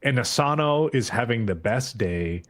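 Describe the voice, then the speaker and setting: A man at an ordinary mid-range pitch co-hosts a podcast and retells an episode scene by scene. He slips into quick mock voices for each character, and the talk is casual and peppered with swearing. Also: animated. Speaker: podcast co-host. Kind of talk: casual recap chat.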